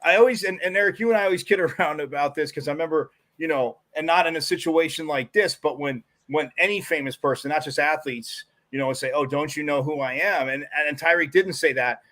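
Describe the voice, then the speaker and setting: Rambling, animated male sports talk co-host. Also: fairly high pitch, quick pace, few pauses. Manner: rambling, animated storytelling with many restarts. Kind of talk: casual sports talk commentary.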